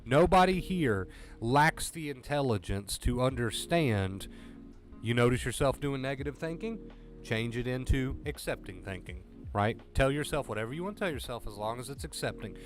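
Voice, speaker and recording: A man at a middle pitch talks straight to his livestream viewers about anxiety recovery. He is earnest and direct and keeps repeating his points to drive them home. Faint music plays in the background. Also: lively intonation, normal speed. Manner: earnest, repetitive, direct pep talk.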